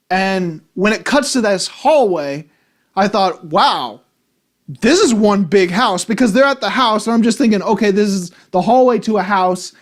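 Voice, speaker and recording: A man giving a casual, rambling film review, exasperated and full of restarts. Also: high-pitched. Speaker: movie reviewer.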